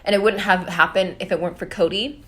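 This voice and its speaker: A young adult woman, a podcast guest, telling animated stories in casual chat, full of laughs and fillers. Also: medium pitch, fast talker. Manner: animated storyteller, laughs often, filler-heavy.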